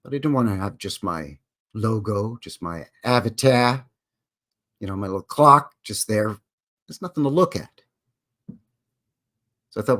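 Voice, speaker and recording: A man's voice: on the low side, expressive, moderate pace, a bit bright. A man with a Canadian accent hosting a casual live stream, chatty and jokey with plenty of self-deprecating asides.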